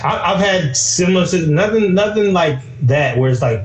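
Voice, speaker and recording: A man hosting a casual live-stream interview, relaxed and chatty, often saying "you know" and "man". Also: high-pitched, moderate pace, hardly any pauses, reverberant, poor audio. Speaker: host.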